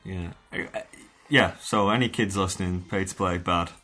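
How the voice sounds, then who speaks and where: A man's voice: sits low, moderate pace, sharp tone, a little hiss or hum. A man in his young adult years hosting a podcast, laid-back and sweary as he leads the segments. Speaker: podcast host. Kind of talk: casual banter.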